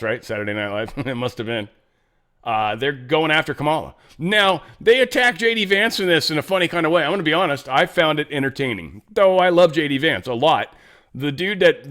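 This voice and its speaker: A man's voice: medium pitch, a bit bright. A man hosting his own show, giving casual, loose commentary with many fillers and asides. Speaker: show host.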